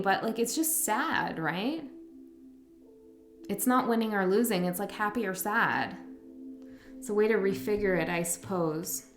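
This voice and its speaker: Gentle, rambling woman tarot reader. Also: mid-range voice. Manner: gentle, rambling, self-correcting, soft laughs. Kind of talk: casual tarot reading. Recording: echoey room with faint music.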